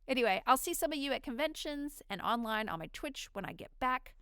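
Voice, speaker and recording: A woman's voice: high voice, very animated, a little fast, fairly bright tone, clear, resonant tone, no room sound, clean studio sound. A woman hosting her own podcast, chatting freely and at length in a rambling, unedited monologue. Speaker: podcast host. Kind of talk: casual solo monologue.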